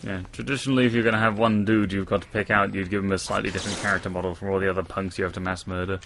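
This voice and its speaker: A man's voice: low voice, flat delivery, very fast, gravelly. A man co-hosting a casual let's-play, making dry, offhand remarks on a PC microphone. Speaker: co-host gamer. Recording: game gunfire and noise behind.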